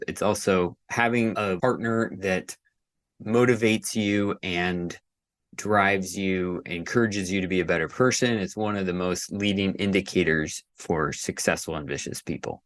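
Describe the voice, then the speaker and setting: Earnest deep-voiced man giving advice. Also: a little slow. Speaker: podcast co-host. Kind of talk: casual podcast chat.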